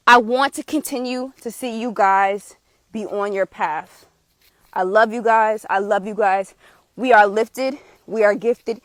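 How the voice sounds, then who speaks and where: A woman, a tarot reader giving a passionate, forceful live spiritual reading with blunt swearing. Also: mid-range voice, unhurried, no echo. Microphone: streaming setup.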